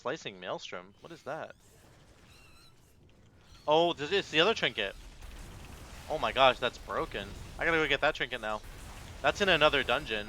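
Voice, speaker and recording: A man giving excited, self-mocking live commentary while playing a game. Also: medium pitch, moderate pace, long pauses, a little hiss or hum. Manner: animated, exclamatory, self-mocking. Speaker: gaming content creator.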